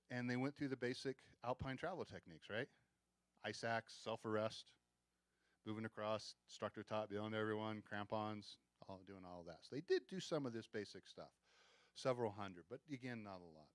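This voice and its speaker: A man with a deep voice gives a relaxed history talk at a museum event, speaking close to the mic in a dry room. He talks in a conversational, wry way and often restarts his sentences. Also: brisk, no room sound. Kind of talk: casual lecture with slides.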